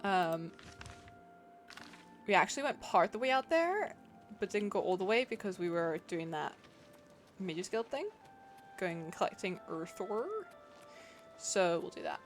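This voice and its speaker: A woman's voice: lowish voice, expressive, unhurried, long pauses, soft background music. Chatty woman streamer, playful commentary. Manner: chatty, reacts to chat and game; playful, self-deprecating. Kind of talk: casual gameplay commentary.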